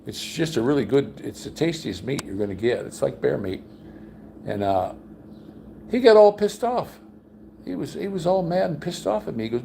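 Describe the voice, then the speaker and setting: Older guy, gravelly and dark-toned, casual livestream storyteller. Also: a little fast, a little hiss or hum. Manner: folksy storyteller, acts out quotes in a higher voice. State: undergoing cancer treatment. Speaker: vlogger. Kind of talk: casual rambling livestream chat. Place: home room with high ceilings.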